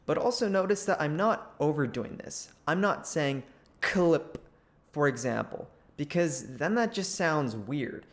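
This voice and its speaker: A channel host giving an instructional talk, speaking deliberately with crisply clipped word endings. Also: mid-range voice, expressive.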